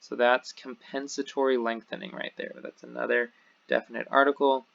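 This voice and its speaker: Male teacher, gravelly bright voice, patient step-by-step explainer. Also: medium pitch, flat delivery. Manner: slow, explains step by step, repeats words twice. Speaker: Hebrew teacher. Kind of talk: recorded online lesson. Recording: dull lo-fi audio.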